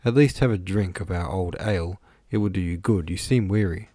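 A man doing a brisk older housekeeper woman. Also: deep voice, warm tone, no room sound, studio quality.

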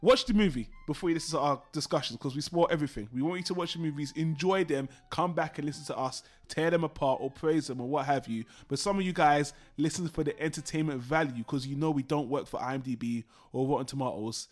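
A man's voice: on the high side, fast, few pauses. Showy, teasing man hosting a podcast. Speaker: podcast co-host. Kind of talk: casual film discussion.

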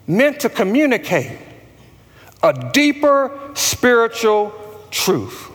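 Slow, high-voiced preacher man in a hall. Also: fairly bright tone. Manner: slow, emphatic preaching with call-and-response. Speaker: pastor. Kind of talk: sermon.

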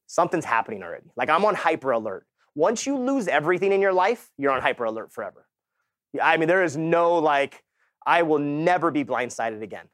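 Animated, slangy man storyteller. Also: a little high, dry recording, studio quality. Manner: animated, slangy, acts out quoted dialogue. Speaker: real estate agent giving a talk. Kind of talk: energetic motivational storytelling. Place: stage at a sales summit.

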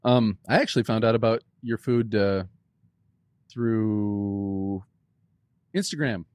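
A man's voice: lowish voice, takes it slowly, darkish tone, dry recording. A man hosting a podcast, chatting in a friendly, curious way and adding little asides. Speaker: podcast host. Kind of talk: casual interview chat.

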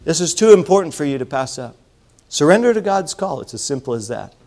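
Animated preacher man telling a story. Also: on the high side, a little fast. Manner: animated storytelling, swings between loud calls and hushed asides. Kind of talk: sermon.

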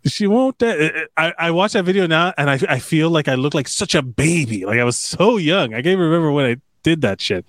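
A man's voice: a little high, expressive, a little fast, few pauses, dry recording, clean studio sound. A young man hosting a casual podcast, chatting loosely with slang while reacting to an old video. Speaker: podcast host.

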